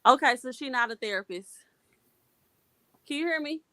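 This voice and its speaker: A woman's voice: high-pitched, expressive, moderate pace, sharp tone. A woman co-hosting a livestream commentary, casual and agreeable.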